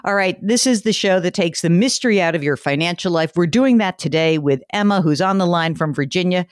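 A woman hosting a radio call-in advice show, talking in a blunt, ranting, lively way. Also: lowish voice, a little fast, no echo, clean studio sound.

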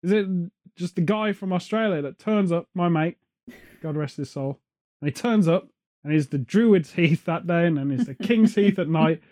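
Joking podcast host, high mellow voice. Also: male voice, moderate pace. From England. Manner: rambling, joking, off on tangents. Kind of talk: casual chat. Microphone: headphones on, studio mic.

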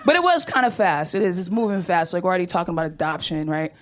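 A woman's voice: fairly low pitch, very animated, quick pace. A woman doing a brash, profane stand-up comedy set on stage, talking animatedly and laughing often. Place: comedy stage before an audience.

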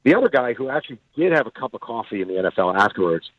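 Lively male guest on a tinny line. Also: medium pitch, rapid-fire, no echo. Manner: animated storyteller acting out quotes. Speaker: author and guest. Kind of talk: storytelling interview answers. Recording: tinny phone-line audio, dry.

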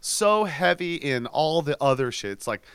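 Podcast co-host, male, lively and joking, bright tone with wide pitch swings, dry close sound. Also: moderate pace, smooth, dry recording. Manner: animated, jokey, swears casually. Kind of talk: casual chat.

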